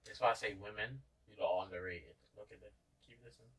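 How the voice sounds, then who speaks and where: A man's voice: lowish voice, fast talker, a bit bright, breathy edge, distant mic, rough recording. A man with a London accent, chatting casually as a podcast host, rambling and dropping in "innit".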